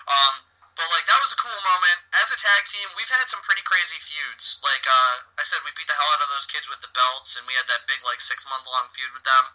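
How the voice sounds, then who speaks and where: A man, a wrestler guest, telling stories in an animated, rambling way with many restarts. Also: fairly high pitch, brisk, few pauses, dull audio. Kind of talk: casual storytelling interview.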